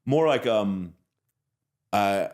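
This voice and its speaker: A man's voice: lowish voice, lively intonation, very slow, darkish tone. A man in his thirties from Texas, a podcast guest telling dry, self-mocking stories with frequent laughs. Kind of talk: casual chat.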